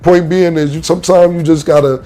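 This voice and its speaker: A man telling a story in a casual interview, acting out the quotes as he goes. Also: brisk. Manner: animated storyteller, acts out quotes with big pitch jumps. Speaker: rapper being interviewed.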